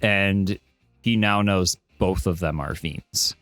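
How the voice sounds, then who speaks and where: A man narrating a tabletop game as game master on a podcast, telling the scene in a descriptive, animated way. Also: sits low, takes it slowly, clear, resonant tone, no room sound, faint music behind.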